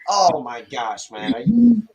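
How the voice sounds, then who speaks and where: A man's voice: fairly high pitch, big pitch swings, unhurried, a little mellow, lo-fi sound. A man hosting a casual live chat, reacting loosely with exclamations and casual swearing.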